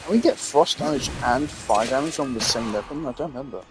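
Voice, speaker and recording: A man's voice: mid-range voice, brisk, over loud music. A young man playing a game and chatting casually as he goes, opinionated and a bit tired, his voice often trailing off into mumbles. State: tired, yawning. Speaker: gaming streamer. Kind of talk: casual let's-play commentary.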